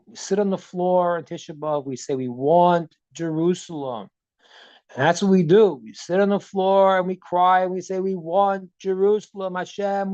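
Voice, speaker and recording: Earnest rabbi on a video call. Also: male voice, sits high, a little mellow, dry recording, highs cut off. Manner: earnest, repeats words while building a point; retells stories with dialogue. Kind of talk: Zoom teaching talk.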